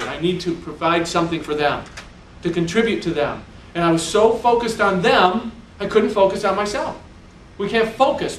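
A man's voice: sits high, slight background noise. A man giving a live motivational speech, telling stories animatedly with self-mocking humor. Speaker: motivational speaker. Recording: echoey hall, distant mic.

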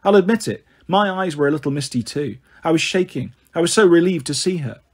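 Husky-voiced man narrating a story. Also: fairly high pitch, fairly quick. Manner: first-person storytelling, steady reading. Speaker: audiobook narrator. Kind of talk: scripted narration.

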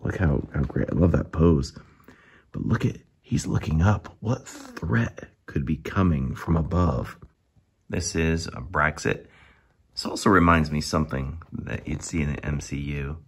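A man giving an enthusiastic, casual review of gaming miniatures, now and then dropping into hushed asides. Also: extremely low pitch, measured pace, slightly rough.

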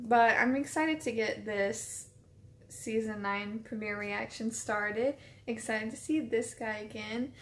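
A woman hosting a casual reaction vlog, gushing and squealing at what she watches. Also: a little high. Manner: excitable, gushing, squeals and laughs at the screen. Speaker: reaction video host. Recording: roomy echo with show audio behind. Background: TV show audio and music.

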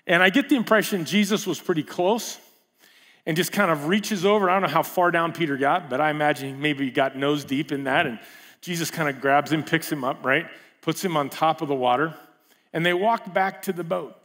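A man preaching a sermon in a casual, animated way, full of rhetorical questions and asides. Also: a little high, fairly quick.

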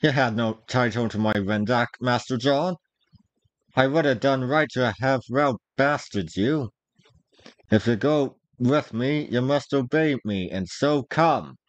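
A man reading as a gruff young squire. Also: mid-range voice, measured pace, no room sound, close to an everyday voice. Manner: old-fashioned speech, gruff and commanding. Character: rough-spoken young male squire, bold. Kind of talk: storybook reading.

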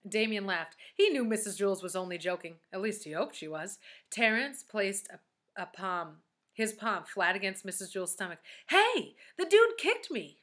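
A woman reading a children's book aloud, expressive and speaking directly to young listeners. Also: medium pitch, normal speed. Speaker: storyteller.

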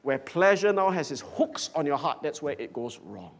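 A man preaching a sermon in a church hall, emphatic, swinging from loud declarations to hushed whispers. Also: a little high, big pitch swings, normal speed. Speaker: pastor.

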